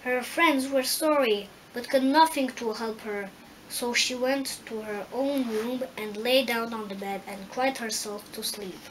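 Woman reader for a storybook, careful and slow with small stumbles. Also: a little high, slight background noise, rough recording. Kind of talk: storybook reading.

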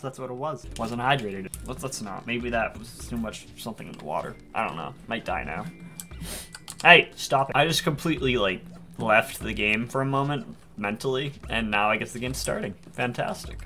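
A man's voice: medium pitch, pushed and bright. A young man giving casual, rambling gameplay commentary, joking at himself as he plays. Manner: rambling, self-mocking, talks to himself while playing. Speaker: gaming YouTuber. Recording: faint noise and keyboard clicks behind.

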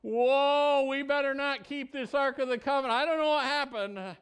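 A man's voice: very high voice, moderate pace, a bit bright, pitched above the performer's own voice. A man voicing worried ancient townsfolk who wonder aloud what happened, in a raised, anxious voice. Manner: anxious, puzzled.

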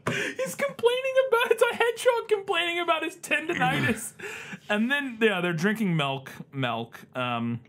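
Lively, bright male co-host who mocks a bad movie. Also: very high-pitched, normal speed, slight background noise. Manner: animated, exasperated, acts out scenes. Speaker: podcast co-host. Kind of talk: comedic movie-review chat.

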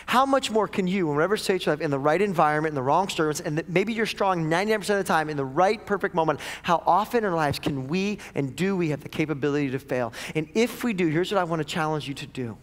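A man preaching a sermon as lead pastor, dramatic, dropping to near-whispers then rising loud. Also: fairly high pitch, animated, fast, few pauses. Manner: dramatic, swings from hushed to loud. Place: church auditorium. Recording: echoey church hall.

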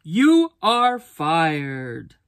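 A grumpy male lunchroom boss from a children's picture book, voiced by a woman reading aloud. He sounds stern and drawn out, in a lowish voice. The room is dry. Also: lively intonation, takes it slowly, bright, forceful tone, dry recording, full character voice.

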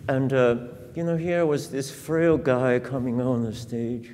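A man's voice: mid-range voice, extremely slow, mellow. A man in his fifties, a piano teacher giving a master class, telling stories in a reflective way with many fillers and laughs. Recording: reverberant hall.

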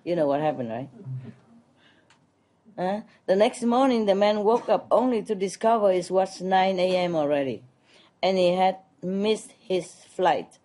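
A woman's voice: medium pitch, expressive, measured pace, mellow. A woman teaching at a retreat, telling jokes playfully with chuckles and frequent check-ins with her listeners.

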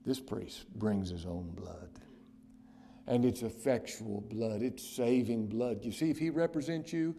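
A man preaches a sermon as pastor in a mid-range voice with vocal fry. He shifts from loud, emphatic declarations to hushed near-whispers, slowly and weightily stressing key phrases.

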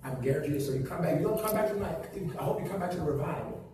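A man's voice: on the high side, expressive, racing, noisy background. A man preaching a sermon as pastor, in a sing-song preacher's cadence full of repeated questions. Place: church sanctuary. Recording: echoey church from far off with loud music.

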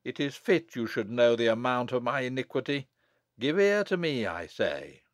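A man's voice: mid-range voice, sing-song, normal speed, no room sound, studio quality, lightly acted. A man reading as a wronged monk who speaks sternly and bitterly in an audiobook. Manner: stern, thundering.

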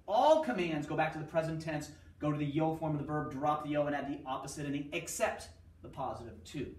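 A man teaching a Spanish grammar lesson, drilling rules with repeated steps and rhetorical questions. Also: on the high side. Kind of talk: recorded class lecture. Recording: echoey room, mic at a distance.

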